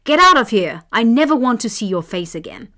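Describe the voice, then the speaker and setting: A woman voicing a short-tempered king in a storybook reading, shouting imperiously. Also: a little high, big pitch swings, brisk. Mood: angry.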